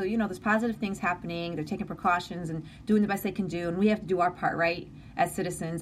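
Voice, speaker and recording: A middle-aged woman hosts a live stream in a fairly low voice, with a little hiss or hum in the background. She speaks earnestly, emotionally and encouragingly, restarting often and reading viewer comments aloud.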